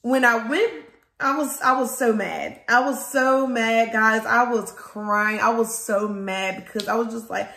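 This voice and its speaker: A woman who runs a small business, from Louisiana, telling viewers a storytime in a casual, animated way and calling them guys and y'all. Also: fairly high pitch, measured pace, creaky. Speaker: small business owner vlogger. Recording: echoey room.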